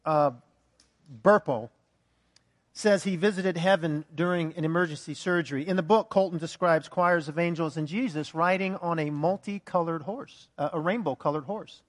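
High-voiced male pastor preaching. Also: moderate pace, in a large hall. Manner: conversational, fillers, soft in prayer. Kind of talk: sermon with joke and prayer.

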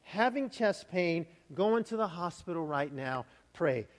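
A male pastor giving a sermon, shifting from scripture readings into a lively conversational story. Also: high-pitched, unhurried. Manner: conversational storytelling, animated retellings. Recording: hall reverb.

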